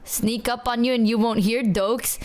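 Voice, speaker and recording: A woman's voice: fairly high pitch, fairly even intonation, normal speed, a little mellow. A woman from Indonesia chatting casually, laughing easily and swearing loosely. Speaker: streamer. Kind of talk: casual chat.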